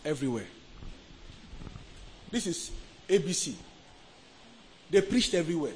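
A man with a Nigerian accent preaching a sermon, emphatic, swinging from soft to loud and asking the crowd questions. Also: a little high, animated, a little slow, a little hiss or hum, rough recording.

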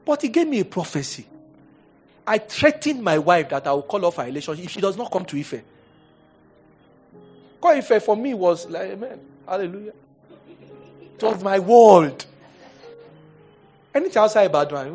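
A middle-aged man with a Nigerian English accent preaching a sermon as pastor, moving between loud exhortation and quiet storytelling, laughing often. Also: high-pitched, very animated, normal speed, pauses often, soft background music.

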